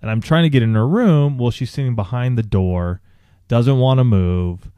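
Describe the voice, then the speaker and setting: A man co-hosting a podcast, telling a candid personal story in a halting way, with many restarts and fillers. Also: mid-range voice, dark tone, clear, resonant tone, dry recording, highs cut off. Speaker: podcast co-host.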